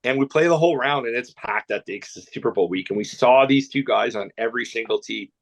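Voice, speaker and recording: A man from Canada is telling a long, rambling story as a guest. His delivery is animated and full of restarts, and his voice sits in a middle pitch. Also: fast talker. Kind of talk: storytelling anecdote.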